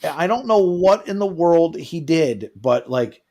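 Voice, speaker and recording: Guy on a live travel chat, voice jumps all over, slightly high, acts out every quote. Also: takes it slowly. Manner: animated storytelling, acts out quotes. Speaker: co-host of a travel show. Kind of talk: casual livestream chat.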